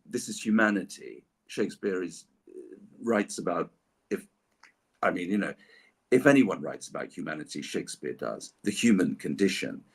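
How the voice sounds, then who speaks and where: During a livestream autograph signing, an Englishman who does voice work chats casually in a low, husky voice. He comes across as playful and theatrical, often explaining things as he signs.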